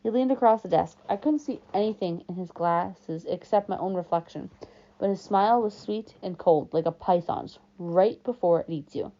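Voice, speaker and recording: A woman reading a novel aloud in calm, first-person storytelling narration. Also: on the low side, normal speed. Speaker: audiobook reader. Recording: dull lo-fi recording.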